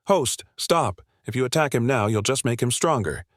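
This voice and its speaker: A man's voice: mid-range voice, expressive, normal speed, no echo, clean studio sound, lightly acted. A man voicing a game-style magic system that talks in a curt, matter-of-fact way. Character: blunt magic system voice, genderless game interface.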